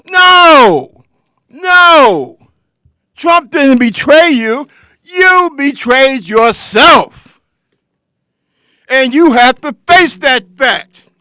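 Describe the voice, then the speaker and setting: A man with a very high, bright, forceful voice delivers a political commentary monologue as host of his own show. He takes his time, talking slowly and lecturing his listeners head-on in a confrontational tone. The sound is dry and close, with no room around it. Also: big pitch swings, dry recording.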